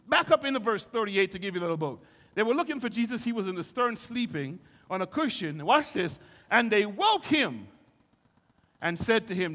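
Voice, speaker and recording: A man preaching a sermon as pastor, building from calm teaching to shouted fervor and acting out the voices in the story. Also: high voice, moderate pace, long reverb tail. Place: church sanctuary.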